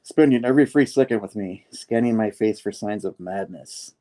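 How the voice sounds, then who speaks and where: A man's voice: lowish voice, moderate pace, warm tone, natural voice. A man voicing a burdened older male mentor, giving the lines in a plain retelling voice.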